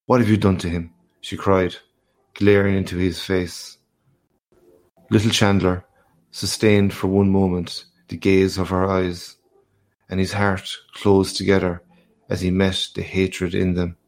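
Slow, deep-voiced male storyteller. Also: monotone. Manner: measured, unhurried storytelling. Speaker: narrator. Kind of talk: audiobook reading of a classic short story.

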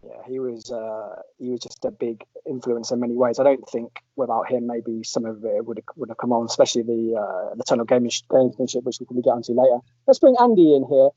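A man's voice: mid-range voice, brisk, few pauses, warm tone, slightly rough, dry recording. A man from England hosting a casual football podcast, chatty and jokey, with rambling restarts. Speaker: podcast host. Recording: dull lo-fi audio.

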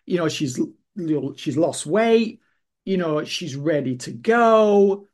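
A man's voice: a little high, animated, takes it slowly, darkish tone. A man co-hosting a podcast in casual chat, rambling with many fillers and restarts. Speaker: podcast co-host.

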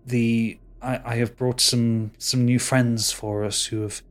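A man's voice: medium pitch, flat delivery, slow pace, lightly acted. A man voicing a humble, nervous male monk acolyte who speaks apologetically and stammers. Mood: apologetic.

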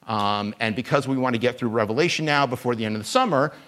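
A man delivering a Sunday sermon in an easygoing, animated way, often turning self-deprecating. His voice sits at a middle pitch. He swings from plain talk to sudden emphasis. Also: quick pace. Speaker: guest preacher.

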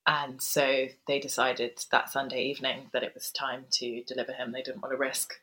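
A woman in her thirties speaks in a low but bright, forward voice. She talks softly and haltingly, pausing on ums as she tells her story to an interviewer. The recording sounds like an indoor podcast mic. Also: level tone, rough recording. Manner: soft, hesitant, pausing with ums. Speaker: guest author.

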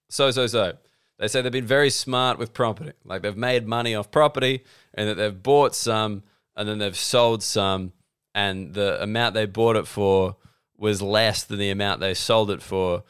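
A man's voice: lowish voice, steady tone, moderate pace, fairly bright tone, clean tone. A man in his thirties with an Australian accent, rambling through a sardonic comedic monologue and acting out both sides of the conversations he describes. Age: 30s. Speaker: comedian and podcast host.

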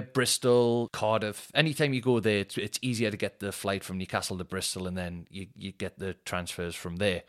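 A man hosting a podcast, rambling and swearing, often laughing at his own stories. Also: fairly low pitch. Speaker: podcast host and comedian. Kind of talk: casual solo podcast chat.

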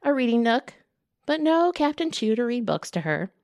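A woman, a children's librarian, reading a picture book aloud with playful shouts and whispers. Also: on the high side, sing-song, normal speed, dry recording, studio quality. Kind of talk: storytime read-aloud with character voices.

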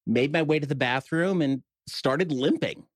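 A man's voice: a little high, moderate pace, no room sound. Middle-aged New York man, dry sound. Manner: storytelling with frequent restarts and wry humor. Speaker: podcast guest. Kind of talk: casual conversation.

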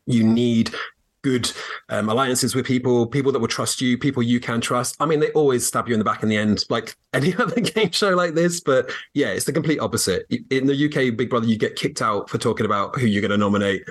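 A man's voice: medium pitch, a little fast. A man from England, guest co-host on a podcast, who laughs often and explains at length with fillers. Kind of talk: casual podcast chat.

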